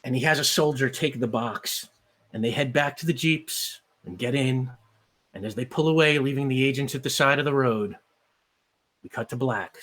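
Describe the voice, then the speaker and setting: A man serves as game master of a streamed tabletop game, narrating scenes in a rambling way full of fillers. His voice sits at an ordinary middle pitch. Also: normal speed, a bit bright.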